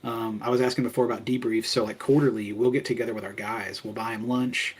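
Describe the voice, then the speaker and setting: A man's voice: mid-range voice, fairly even intonation, quick pace, breathy edge, poor audio. A man talking as a podcast guest, telling his business story in a candid, casual way full of "like" fillers. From Kentucky. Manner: candid, conversational, frequent "like" fillers.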